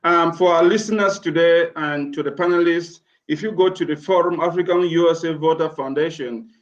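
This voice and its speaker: A man hosting a live panel discussion, introducing guests in a relaxed, informal way. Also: on the high side, normal speed. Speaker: host. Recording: dull lo-fi sound with faint noise.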